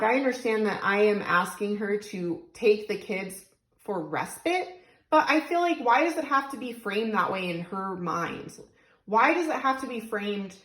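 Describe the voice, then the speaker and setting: A woman's voice: medium pitch, echoey room, rough recording. A young woman venting tearfully and rambling about her frustrations into her phone, close to crying. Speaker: single mom vlogger. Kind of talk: emotional venting vlog.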